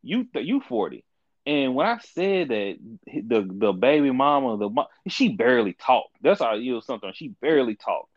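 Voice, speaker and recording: A young man in his twenties chatting casually on a podcast, telling stories in a lively, swooping voice. His pitch jumps around as he acts out the people in them. The sound is dry and a little dull, like lo-fi audio. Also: normal speed, few pauses, no echo. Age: 20s. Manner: animated storytelling, acts out quoted people. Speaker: podcast co-host. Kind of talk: casual chat.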